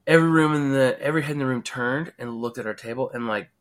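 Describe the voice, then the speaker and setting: A man who designs games tells his story as an interview guest. He rambles excitedly in a stream of consciousness, leaning on "like" again and again. His voice sits at an ordinary middle pitch. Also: quick pace. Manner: rambling, heavy use of "like". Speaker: game designer and artist, guest.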